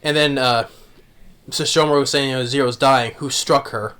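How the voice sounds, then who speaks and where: A man's voice: mid-range voice, steady tone, moderate pace, fairly bright tone, clean tone. A man casually recapping an anime episode, rambling with many restarts and fillers. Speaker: anime reviewer.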